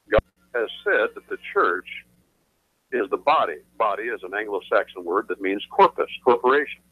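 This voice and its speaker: This attorney, a guest on a radio talk show, has a fairly low, slightly rough voice heard over a dry, tinny phone line. He explains his positions emphatically, like a lecture, repeating phrases to stress them.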